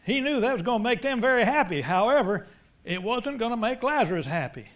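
Middle-aged male pastor with a high voice, preaching with passion and dropping to quiet asides. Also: animated, brisk. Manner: impassioned, swings between loud emphatic lines and quiet low ones. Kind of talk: sermon.

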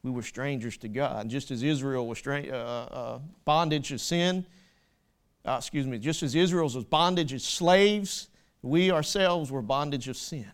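A man's voice: mid-range voice, measured pace, clean tone. A man preaching a sermon, quoting scripture with rising fervor and making small slips and corrections as he goes.

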